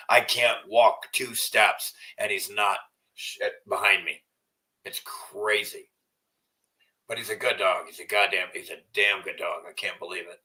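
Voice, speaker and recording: A man's voice: low voice, recorded from a distance, rough recording. A man talking casually to camera in a profane, rambling way, repeating himself, and at times cooing to his dog. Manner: soft cooing baby talk to his dog. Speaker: vlogger.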